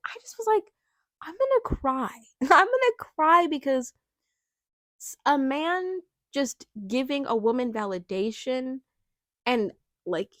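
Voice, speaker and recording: A woman's voice: medium pitch, a bit bright, dry recording, clean studio sound. Gushing, chatty young woman. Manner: gushing and chatty, with many likes and quick laughs. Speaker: reality TV reviewer. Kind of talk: casual vlog commentary.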